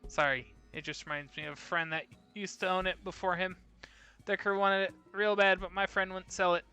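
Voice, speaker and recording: A man's voice: high-pitched, little pitch movement, moderate pace, sharp tone, clear, resonant tone, soft background music, pitched above the performer's own voice. A man reading as a chatty gun shop woman. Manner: rambling, apologetic, over-sharing. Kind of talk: reading game dialogue aloud.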